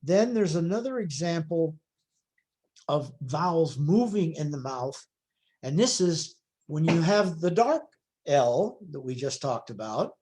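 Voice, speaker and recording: A man's voice: a little high, darkish tone. Man lecturing with careful self-corrections. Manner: measured explanatory delivery with frequent self-corrections. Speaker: phonology lecturer. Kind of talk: recorded lecture.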